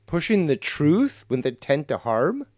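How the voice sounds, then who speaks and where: A man's voice: fairly high pitch, big pitch swings, unhurried, darkish tone, no echo. A man hosting a stream, mocking a rival's clip with profane, scornful commentary. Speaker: stream host reviewing clips.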